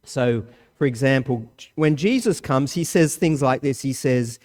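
A man, a parent of a young child, preaching a sermon with strong swings of pitch and volume for emphasis. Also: measured pace, few pauses, a little mellow.

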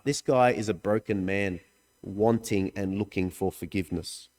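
A man preaching a sermon, earnest and emphatic, swinging between raised, urgent lines and quiet, low asides. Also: moderate pace. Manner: earnest, emphatic, with sudden swings in pitch and loudness. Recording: hall reverb.

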